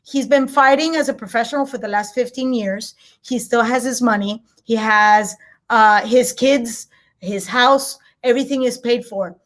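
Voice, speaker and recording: Female combat-sports analyst, high pitch, animated and opinionated, casual podcast chat. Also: normal speed. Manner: animated, opinionated, drops in Spanish words. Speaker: MMA analyst guest.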